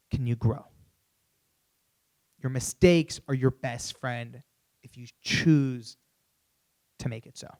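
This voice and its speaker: Old music legend, calm and wise, gently insistent as a male speaker quotes him; slightly high voice.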